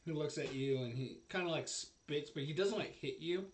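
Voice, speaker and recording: A man narrating a tabletop role-playing game as game master, halting and full of fillers. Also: a little high, a little hiss or hum.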